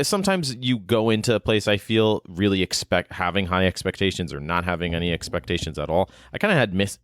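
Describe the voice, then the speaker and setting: Deep-voiced man, rambling podcast chat. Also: smooth, no echo, clean studio sound. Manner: rambling, hesitant, frequent fillers and restarts. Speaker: podcast co-host.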